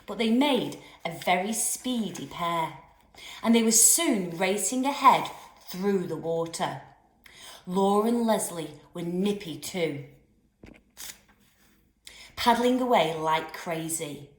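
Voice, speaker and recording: A woman teacher reading a children's novel aloud with expressive storytelling. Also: fairly low pitch, takes it slowly, pauses often. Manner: expressive storytelling with lively voices. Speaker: primary school teacher. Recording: roomy echoey room.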